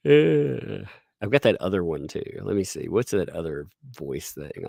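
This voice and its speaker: A man rambles through sarcastic live-stream commentary, often laughing at his own jokes. His lively pitch jumps around and his voice has a gravelly rasp. The recording is close and dry. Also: unhurried, no echo. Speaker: livestream commentator.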